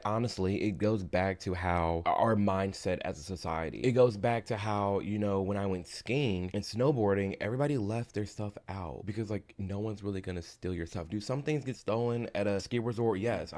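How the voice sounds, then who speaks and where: A man's voice: fairly low pitch, a little mellow. A man giving casual, opinionated commentary while reacting to videos on a live stream, talking emphatically.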